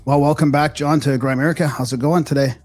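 A man's voice: on the high side, fairly even intonation, fast talker, a little mellow, slightly rough, soft background music. A man hosting a podcast and asking his guest questions in an easygoing, casual way. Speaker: podcast host. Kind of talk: casual interview chat.

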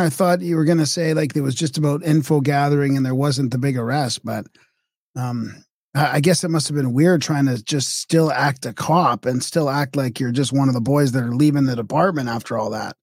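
A man's voice: a little high, steady tone, fairly quick, darkish tone, husky, dry recording, studio quality. A man asking thoughtful follow-up questions as interviewer. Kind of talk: casual interview.

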